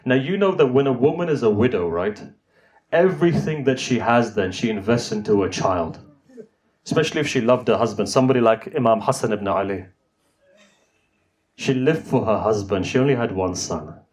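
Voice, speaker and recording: A man's voice: medium pitch, lively intonation, moderate pace, a little mellow. A man preaching an emotional mourning sermon in a mosque, often asking the listeners rhetorical questions. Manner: impassioned, emotional recitation.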